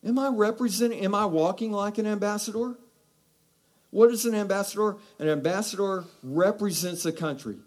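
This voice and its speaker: Animated higher-voiced male preacher. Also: normal speed. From Texas. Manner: animated preaching, rhetorical questions, exhortations. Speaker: pastor. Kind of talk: sermon.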